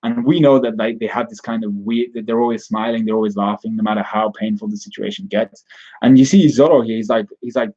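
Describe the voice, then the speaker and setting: A man's voice: on the low side, fairly even intonation, brisk, dark tone, dull audio. A man giving a casual spoken recap and review of a comic chapter, rambling with frequent restarts and self-corrections.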